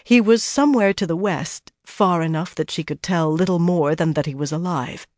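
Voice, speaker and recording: An audiobook narrator reading a fantasy novel in a measured, even storytelling manner. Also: medium pitch, no echo, clean studio sound.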